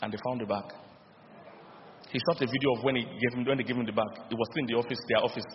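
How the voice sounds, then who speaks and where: A middle-aged Nigerian man preaching a sermon in a lively storytelling style, with call-and-response. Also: medium pitch, racing. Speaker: pastor. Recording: dull lo-fi sound with long hall reverb.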